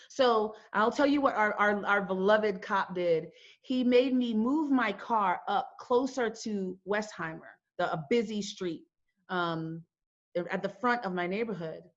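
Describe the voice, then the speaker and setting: Brief: middle-aged woman hosting a talk, passionate and emphatic, medium pitch, slightly muffled recording. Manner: emphatic, repeats phrases, rhetorical questions. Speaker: founder and host giving a talk. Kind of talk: impassioned talk to an audience. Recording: dull lo-fi sound.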